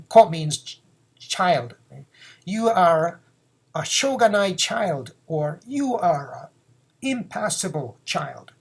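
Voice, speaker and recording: A man's voice: high-pitched, lively intonation, slow pace, creaky, husky. A man, teaching phrases in a casual lesson, repeating words and acting out example lines. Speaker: Japanese teacher.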